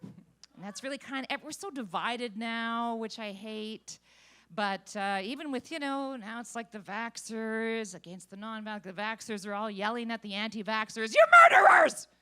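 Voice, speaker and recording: A woman doing stand-up in a comedy club, with a high voice that cuts through. Her delivery is brash and bawdy, with a teasing edge aimed at the crowd. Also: moderate pace, fairly bright tone, clear, resonant tone.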